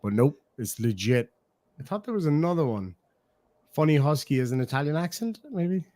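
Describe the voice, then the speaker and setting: A man's voice: a little high, expressive, moderate pace, warm tone, no room sound. An Irish man hosting a stream, chatting casually and swearing as he reacts to clips, laughing often.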